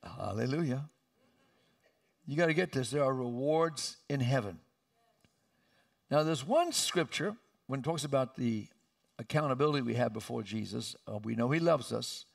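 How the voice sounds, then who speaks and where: A male pastor preaching a sermon with emphatic delivery and sudden loud, high outbursts, recorded in a church sanctuary. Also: expressive, moderate pace, creaky, long pauses, distant mic.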